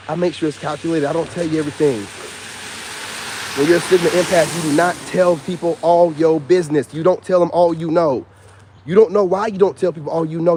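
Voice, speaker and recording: A man's voice: a little high, a little mellow, a little hiss or hum. A man in his thirties talking in a casual vlog monologue, emphatic and repetitive with a slangy delivery. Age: 30s. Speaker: YouTuber.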